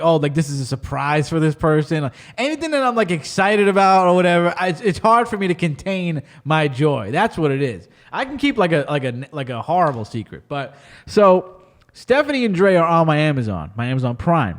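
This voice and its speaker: Podcast host, male, high and very expressive voice, animated storyteller. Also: brisk. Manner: animated, acts out quotes, laughs often. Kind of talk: casual storytelling chat.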